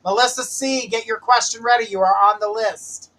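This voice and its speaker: A man's voice: high voice, fairly even intonation, moderate pace, pushed and bright, low-quality recording. A man hosting live psychic readings on a stream, casually calling viewers by name to ask their questions. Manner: calls out viewer names from a list, jokes about mispronouncing them. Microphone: live-stream mic with glitches.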